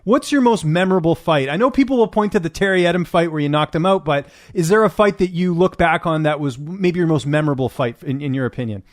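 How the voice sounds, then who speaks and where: A man interviewing a fighter, asking quick friendly questions. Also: on the high side.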